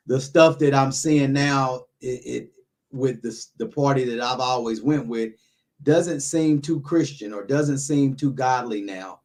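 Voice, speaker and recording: Male host, casual opinion chat, rambling with frequent restarts, middle pitch. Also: takes it slowly, darkish tone. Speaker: YouTuber, podcast host.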